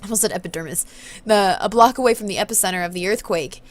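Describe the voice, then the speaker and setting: A woman's voice: medium pitch, quick pace. Chatty, rambling young woman gamer. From southern California. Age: 20s. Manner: chatty, rambling, self-deprecating, bursts of excitement. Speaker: let's-play host. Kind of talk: casual commentary while reading a game.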